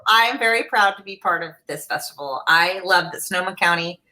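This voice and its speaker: A woman moderator gives sincere, heartfelt closing remarks. Her voice sits somewhat low and has a bright, forceful edge. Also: brisk, rough recording. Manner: emotional, sincere. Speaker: festival board member, moderator.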